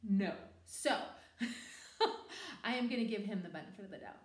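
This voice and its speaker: A woman's voice: mid-range voice, moderate pace. A woman and online English teacher, chatting casually in a vlog about her lessons. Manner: chatty, animated, over-enunciates with the student. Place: home teaching room. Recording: roomy echo.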